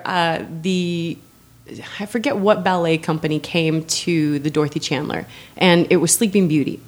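A woman talking casually in an interview about mentoring girls, telling stories with frequent laughs and fillers. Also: on the low side. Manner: warm storyteller, laughs often, many fillers.

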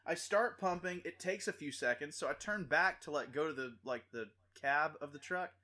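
A young man chatting casually, rambling through a story with lots of fillers and breaking into loud, high-pitched impressions of the people in it. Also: moderate pace. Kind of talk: casual chat.

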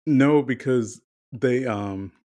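A podcast co-host with a medium-pitched, dark-toned voice tells a candid, chatty story at a slow pace. The conversation is casual, with some swearing.

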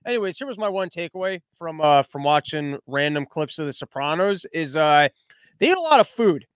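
A man's voice: on the high side, sing-song, fairly quick, clean tone, no echo. A male comedian hosting a podcast, rambling through a crude, self-interrupting monologue. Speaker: comedian host.

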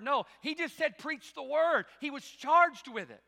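A middle-aged man preaching a sermon as pastor, shifting between loud, driving preaching and quiet, joking asides. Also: very high-pitched, lively intonation, a little slow, vocal fry, few pauses, long reverb tail. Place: church sanctuary.

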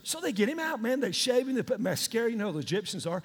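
A pastor, telling the story in an animated, joking, slangy way and doing voices. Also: male voice, very high-pitched, rapid-fire, few pauses, breathy edge. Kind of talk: sermon retelling a story. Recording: long hall reverb.

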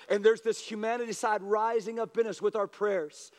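A pastor preaching with a high voice that rings through a hall with a long reverb tail. He drops to hushed, low asides, then lifts into raised, pleading lines when he voices a prayer. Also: steady tone, normal speed, hardly any pauses. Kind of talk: sermon.

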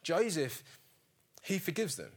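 A man's voice: fairly high pitch, huge pitch swings, measured pace, breathy edge. A man preaching a sermon in an earnest, conversational storytelling manner.

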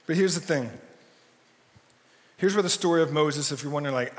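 Male pastor, casual and jokey, slightly high voice, long church reverb. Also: normal speed, fairly bright tone. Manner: casual and jokey, often asks "right?". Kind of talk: conversational sermon. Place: church sanctuary.

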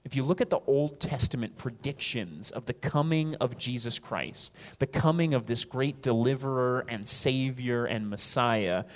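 A male pastor preaching a sermon, stressing points with rising emphasis and quoting God in a softer, lower voice. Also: moderate pace, few pauses.

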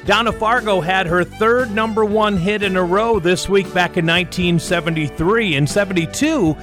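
A man's voice: sits high, normal speed, fairly bright tone, soft background music. A man hosting a classic country radio show, reading dates and song facts in upbeat, chatty announcer patter. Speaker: radio host. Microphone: close studio microphone.

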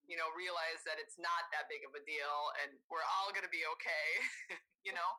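A woman's voice: low-pitched, steady tone, normal speed, sharp tone, rough recording. A woman co-hosting a podcast, chatting in an easygoing, reflective way. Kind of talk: casual chat.

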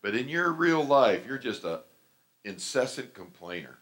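Animated middle-aged male pastor preaching. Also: mid-range voice, a little slow. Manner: animated storytelling, acts out quoted voices. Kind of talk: sermon.

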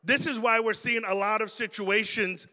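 A man with a high, bright voice delivers a sermon to young people. He is animated and acts out everyday scenes as he talks. His voice rings through a long-reverb hall. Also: normal speed. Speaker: preacher.

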